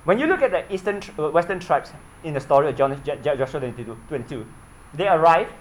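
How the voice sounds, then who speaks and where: A man preaching a sermon, his pitch rising and falling a lot. He sounds earnest, checks in with his listeners with frequent questions and repeats his words as he goes. A faint hiss sits under the recording. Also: expressive, fast, low-quality recording.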